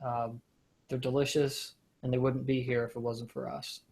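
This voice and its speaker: A man co-hosting a casual talk show, rambling and joking, his voice often trailing off quietly. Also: mid-range voice, little pitch movement, moderate pace, gravelly. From United States. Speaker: podcast co-host. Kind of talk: casual chat.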